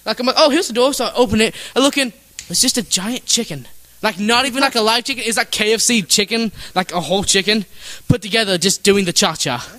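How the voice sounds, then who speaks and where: High, bright-voiced rambling young man. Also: fast talker. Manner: rambling storyteller, giggles while telling. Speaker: podcast co-host. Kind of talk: casual chat.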